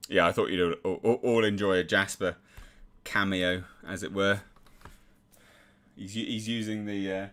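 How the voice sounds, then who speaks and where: A man's voice: low-pitched, fairly even intonation, unhurried, pauses often, a bit bright. A young English man chatting casually on a live stream and reading out viewer comments. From England.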